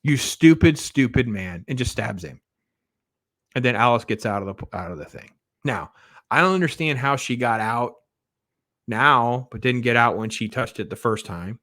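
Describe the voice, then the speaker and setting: A man's voice: medium pitch, normal speed, pauses often, pushed and bright, dry recording. A man giving a casual, blunt spoiler review of a film, rambling and sarcastic as he recounts the plot. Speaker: movie reviewer.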